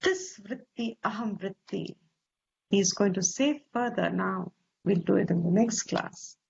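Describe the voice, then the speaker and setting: Indian woman teaching a scripture class, slow and deliberate, husky voice, kinda dull lo-fi audio. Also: medium pitch, a little mellow. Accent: Indian English. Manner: slow, deliberate, stresses Sanskrit terms, asks rhetorical questions. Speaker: Vedanta teacher. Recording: slightly dull lo-fi recording.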